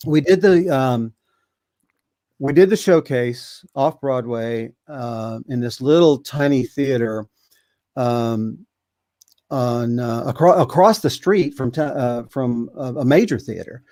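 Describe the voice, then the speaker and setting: A man in his seventies, a podcast guest telling a long story in a rambling, halting way with many fillers. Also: medium pitch, dark tone, no echo. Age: 70s. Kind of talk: casual storytelling.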